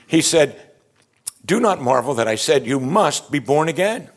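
A man preaching a sermon in an animated way, acting out the voices of the people in the passage he is teaching. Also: fairly high pitch, moderate pace. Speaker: pastor.

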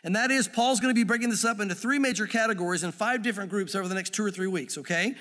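A male pastor preaching a sermon in a church, in an animated, conversational way with frequent asides. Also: high-pitched, racing. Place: church sanctuary. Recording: long reverb of a church hall.

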